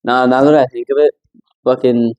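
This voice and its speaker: A young man chatting casually with a friend, relaxed and swearing easily. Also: medium pitch, moderate pace, smooth, rough recording. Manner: laid-back, swearing. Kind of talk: casual chat.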